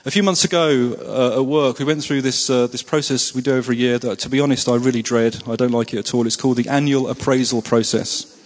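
A man preaching a sermon and praying, earnest, repeating words for emphasis and often pausing with fillers. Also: medium pitch, fairly even intonation, long reverb tail. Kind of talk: sermon with prayer.

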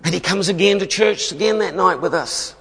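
Emphatic New preacher in a reverberant hall. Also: male voice, high-pitched, brisk, fairly bright tone, slight background noise. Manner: storytelling, emphatic, often laughing. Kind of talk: sermon testimony.

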